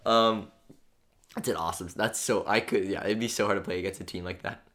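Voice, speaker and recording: A man's voice: on the low side, fairly even intonation, brisk, a bit bright. A young man co-hosting a casual chat, easygoing and filler-heavy, answering listener questions.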